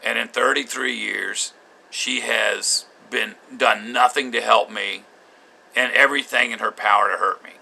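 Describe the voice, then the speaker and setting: An older man recounting his marriage in a bitter, halting spoken journal, with frequent restarts. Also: medium pitch, steady tone, creaky, pushed and bright.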